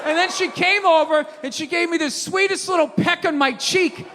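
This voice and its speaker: A man doing a stand-up rant on stage with a handheld mic, shouting in a profane, exasperated way. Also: very high voice, normal speed. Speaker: stand-up comedian. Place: theater stage before an audience. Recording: hall reverb, faint audience and noise.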